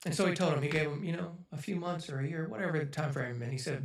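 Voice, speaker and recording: A man in his forties tells a story to an online audience, choked up and emotional, with many fillers. His voice sits fairly high. He sounds a little far from the mic in an echoey room. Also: quick pace, creaky, few pauses. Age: 40s. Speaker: speaker on a livestream.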